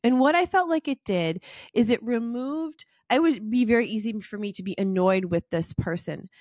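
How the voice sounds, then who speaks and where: A woman's voice: a little high, lively intonation, normal speed, a little mellow, no room sound, studio quality. Earnest woman hosting a self-help podcast. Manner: earnest, encouraging, speaks to the listener directly. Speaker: podcast host.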